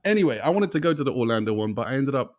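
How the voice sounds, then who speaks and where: A man's voice: medium pitch, big pitch swings, very fast. A young man co-hosting a podcast, chatting casually, swearing often and rambling through stories. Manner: swearing, laughing, rambling storytelling. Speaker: podcast co-host. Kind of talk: casual chat.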